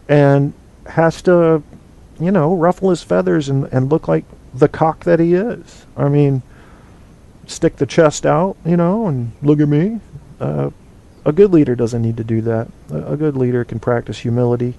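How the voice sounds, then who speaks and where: A mellow, dark-voiced man rambles through his opinions as he hosts a casual call-in show. He fills the gaps with ums and restarts and keeps things loose and chatty. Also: mid-range voice, gravelly. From United States. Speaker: podcast host.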